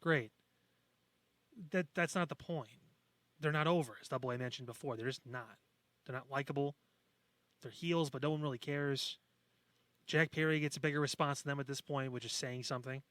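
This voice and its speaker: A man's voice: mid-range voice, normal speed, pauses often, fairly bright tone, no room sound. A man co-hosting a podcast in casual chat, blunt and sarcastic, with frequent swearing. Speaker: podcast co-host.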